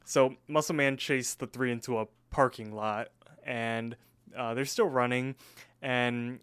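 A man's voice: medium pitch, steady tone, unhurried, a bit bright, smooth. A man co-hosting a podcast, chatting hesitantly about a cartoon episode with many ums and restarts. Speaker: podcast co-host. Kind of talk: casual chat and episode recap.

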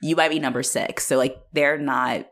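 A woman in casual conversation about a film, chatty and animated, with many filler words. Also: a bass voice, normal speed.

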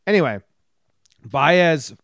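A man's voice: fairly high pitch, expressive, fairly bright tone, no room sound, clean studio sound. Blunt man recapping sports news. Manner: blunt, swears freely, quick recaps. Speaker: podcast co-host. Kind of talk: casual sports talk.

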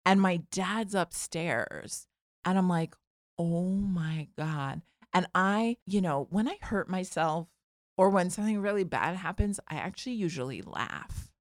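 On a podcast, a guest in her forties casually recounts a funny thing that happened to her, packing in fillers like "like" and animatedly impersonating the people involved. Her voice is on the low side at a normal speed, captured in clean studio sound without echo.

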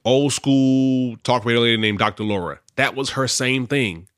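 Bright-toned man telling stories casually. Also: medium pitch, moderate pace, clear, resonant tone, no echo, clean studio sound. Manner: storytelling, acts out quotes. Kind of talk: casual chat.

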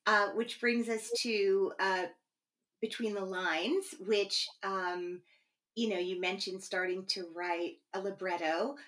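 A woman's voice: medium pitch, steady tone, slow, a bit bright. A woman hosting a casual interview, asking questions and teasing her guest playfully. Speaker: podcast host.

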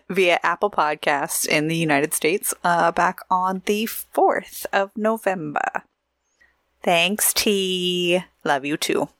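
A woman's voice: lowish voice, takes it slowly, a bit bright, dry recording, clean studio sound. A woman from Oregon co-hosting a podcast in casual, chatty talk, laughing often. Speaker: podcast co-host.

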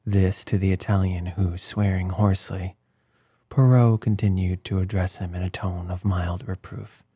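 A man narrating a story in the first person with a measured, deliberate reading. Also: low-pitched, steady tone, mellow, breathy edge, no room sound. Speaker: audiobook narrator.

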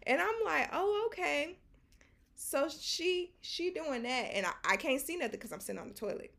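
A woman co-hosting a casual chat podcast tells a story with lots of animation. Her voice sits a little high and carries a lot of gravelly fry. She fills the story with quoted back-and-forth, slangy fillers and side remarks to her listeners. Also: very animated, a little fast, sharp tone. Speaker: podcast co-host.

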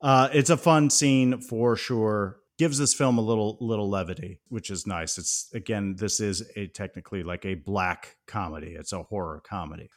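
A man with a somewhat low voice talks through a film's plot in an easygoing podcast chat, with the odd "uh" along the way. His delivery stays loose and conversational. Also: moderate pace, hardly any pauses. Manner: relaxed, conversational summarizing with fillers. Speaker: podcast co-host. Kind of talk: casual film discussion.

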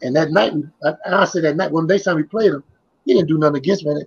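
A man's voice: fairly high pitch, quick pace, vocal fry, husky, dull audio. An older man, a former basketball player, reminiscing as a guest in a casual interview, telling his stories in a rambling, repetitive way.

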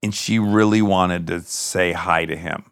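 A male podcast host in casual chat, telling lively stories and swearing freely. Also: low-pitched, a little slow, no echo, studio quality. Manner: animated storyteller, swears freely.

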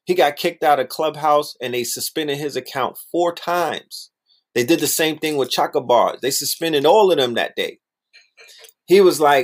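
Here the man's pitch runs high and his speed is normal. His talk is an informal, energetic monologue full of slang and repetition, with occasional mocking impressions of other people.

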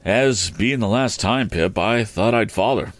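Man voicing a gentle, slow-spoken old-fashioned blacksmith. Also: fairly low pitch, no echo, natural voice. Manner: slow, homely country dialect speech. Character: kindly plain-spoken middle-aged male blacksmith.

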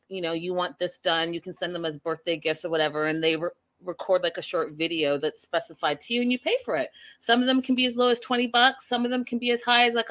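A young woman chatting casually to her viewers in an animated, gossipy way as she reviews a reality show. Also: medium pitch. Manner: animated, gossipy, says y'all.

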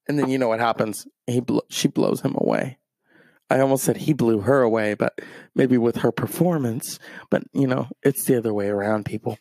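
A man's voice: medium pitch, steady tone, moderate pace, gravelly, darkish tone, dry recording. A man hosting a show, ranting in a crude, rambling, self-mocking comic way. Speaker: show host. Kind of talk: comedic rant.

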